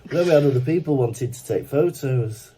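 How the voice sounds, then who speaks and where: A man, co-hosting a podcast and telling a lively anecdote in casual chat. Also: medium pitch, brisk, a little hiss or hum. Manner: animated anecdote-telling with laughs and acted quotes. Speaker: podcast co-host.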